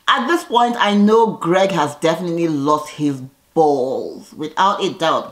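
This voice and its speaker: A woman giving a casual recap of a reality TV episode, blunt, sassy and animated as she comments on the cast. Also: lowish voice, slow.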